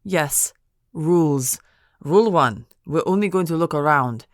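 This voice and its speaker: A teasing young Scottish man, as a woman narrator puts him on, with a Scottish accent and a dry, bantering manner. The voice sits low and steady and is measured in pace. The audiobook sound is close and dry. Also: no echo.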